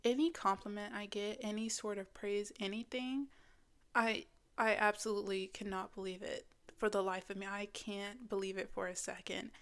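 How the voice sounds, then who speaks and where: A teenage girl sits down to talk to camera in a loose, unscripted way. She rambles and restarts her sentences, swears freely, and speaks candidly at a middling pitch. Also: fairly even intonation, normal speed. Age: teens. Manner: slips into a mocking whisper when quoting her inner critic. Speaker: vlogger. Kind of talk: casual sit-down talking video.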